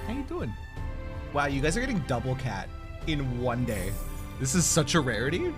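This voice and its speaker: A man streaming a video game live, reacting excitably with gasps and laughter as he comments. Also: mid-range voice, moderate pace. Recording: game music playing under the voice.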